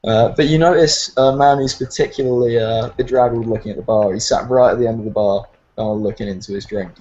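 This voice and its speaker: A man's voice: medium pitch, steady tone, brisk, dark tone, muffled recording. A man with a British accent narrating as game master, rambling with many fillers.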